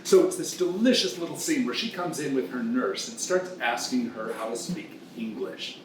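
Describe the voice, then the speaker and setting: A man's voice: mid-range voice, expressive, normal speed, recorded from a distance, noisy background. A man hosting a comic lesson who retells a story in a playful, bawdy, teasing way. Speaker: host. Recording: echoey room, voice off the mic.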